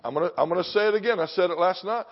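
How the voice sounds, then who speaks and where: Brief: older male preacher, fairly high voice, punchy sermon delivery, long hall reverb. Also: racing, highs cut off. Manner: punchy, alliterative, confrontational preaching. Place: church sanctuary.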